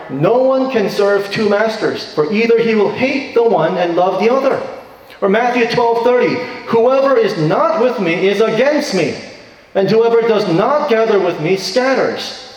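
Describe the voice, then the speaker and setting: A man preaching in a church, pressing his points with emphatic repeated questions. His somewhat high voice rings through a large reverberant hall. He is heard from some distance off the mic. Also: slight background noise. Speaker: pastor. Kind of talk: sermon. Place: church sanctuary. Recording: echoey hall from far off.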